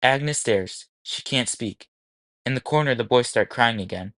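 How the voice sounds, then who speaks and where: A man narrating a novel aloud in a measured, descriptive way. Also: medium pitch, a bit bright, no echo. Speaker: audiobook narrator. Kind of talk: scripted audiobook narration.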